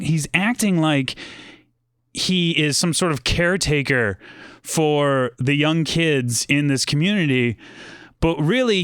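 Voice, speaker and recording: A man's voice: fairly high pitch, a bit bright, dry recording, studio quality. A man talking casually about a film, rambling with lots of fillers and restarts. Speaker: podcast guest. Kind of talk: casual movie discussion.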